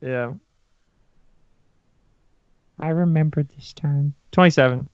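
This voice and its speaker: A man's voice: a little high, takes it slowly, clean tone, dry recording. A man playing a tabletop game, chatting casually and explaining his spells in a laid-back way. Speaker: player. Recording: dull lo-fi stream audio.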